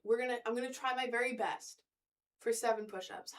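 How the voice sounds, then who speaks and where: A woman's voice: on the high side, steady tone, fairly quick, a little hiss or hum. A woman chatting casually on a livestream, rambling and talking straight to her viewers. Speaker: streamer and cosplayer.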